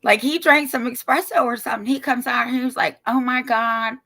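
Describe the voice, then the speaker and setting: Woman, podcast co-host, bright sharp voice, defiant and animated. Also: a little high, fairly quick. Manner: defiant, animated, swears and laughs. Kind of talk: casual storytelling on a podcast.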